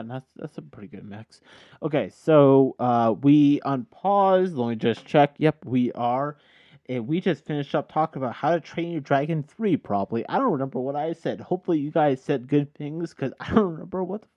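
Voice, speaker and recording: A man's voice: on the high side, lively intonation, moderate pace, dry recording. A tipsy man hosting a casual podcast chat, rambling and correcting himself as he goes. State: tipsy from drinking. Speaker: podcast host. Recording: dull lo-fi sound.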